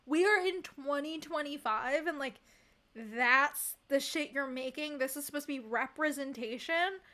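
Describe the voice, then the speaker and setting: High, bright-voiced woman streamer. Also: measured pace. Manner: emphatic, expressive, laughs often. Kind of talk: casual livestream chat, reading chat.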